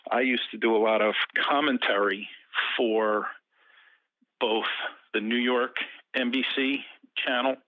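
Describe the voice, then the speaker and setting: A man calling into a show and talking his way through a long story in a lively way. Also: medium pitch, a little slow, no room sound. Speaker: guest. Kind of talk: telling a story. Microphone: phone call. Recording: tinny phone line.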